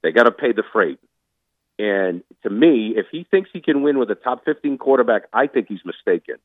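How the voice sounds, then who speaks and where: A man's voice: mid-range voice, expressive, fairly quick, dry recording. A man calling in as a sports commentator, talking in a casual interview with emphatic, opinionated rants. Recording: tinny phone line.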